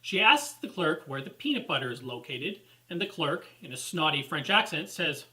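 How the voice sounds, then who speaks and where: A man's voice: fairly high pitch, lively intonation, normal speed, sharp tone, rough recording. A man reading a scripted movie review, critical and sarcastic. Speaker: film reviewer.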